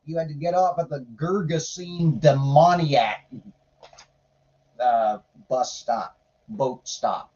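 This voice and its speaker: Slow sarcastic man, dull lo-fi sound. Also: on the high side, warm tone. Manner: sarcastic, swears casually. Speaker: podcaster reading and commenting on the Bible. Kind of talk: irreverent casual commentary.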